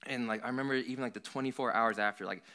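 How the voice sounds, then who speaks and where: A man's voice: medium pitch, rapid-fire, bright, forceful tone. A young adult man, a worship leader, giving a casual youth sermon in an earnest, rambling way, full of "like". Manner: earnest, rambling, heavy use of "like".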